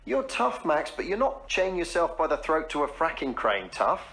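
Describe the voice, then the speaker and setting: A well-meaning posh English husband, polite and a bit awkward, with a voice that moves a lot in pitch. He teases gently in an earnest sitcom manner. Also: very animated, moderate pace. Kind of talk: sitcom acting.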